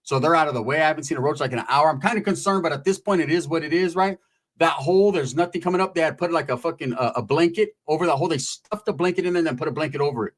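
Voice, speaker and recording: A man's voice: a little high, rapid-fire. A man telling a comic story in a laid-back, slangy, profane way. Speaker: comedian storyteller. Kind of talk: comedic storytelling.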